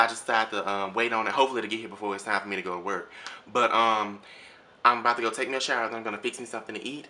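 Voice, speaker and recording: A young man with a drawl talks to his handheld camera at home in a quick, bright, rather low voice. He rambles loosely, full of ums and false starts. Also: a little hiss or hum. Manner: rambling, many ums and restarts. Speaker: vlogger. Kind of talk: casual chat to camera. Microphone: handheld phone or camera at arm's length.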